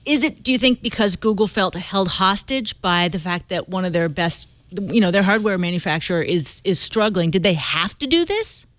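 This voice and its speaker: A woman guest-hosting a tech talk panel in a brisk, joking way. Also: medium pitch, expressive, a bit bright, no room sound. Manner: playful, brisk, jokey. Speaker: guest host.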